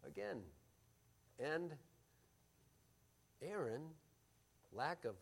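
A middle-aged man pastor preaching a sermon, telling stories and moving between loud emphasis and quiet asides. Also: fairly high pitch, sing-song, extremely slow, vocal fry, slightly rough.

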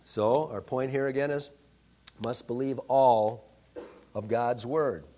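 A man's voice: mid-range voice, fairly even intonation, slow, mellow. A male pastor preaching a sermon, emphatic, with rhetorical questions to the congregation.

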